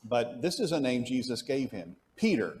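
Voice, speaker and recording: A man's voice: mid-range voice, very animated, normal speed, darkish tone. A man teaching an adult Bible class at church. He asks the class questions, answers them himself, and often restarts his sentences as he thinks aloud.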